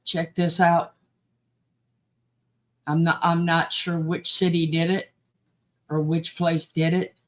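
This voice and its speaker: A woman's voice: on the low side, level tone, slow, long pauses. Subdued woman chatting. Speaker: panel co-host. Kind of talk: casual chat.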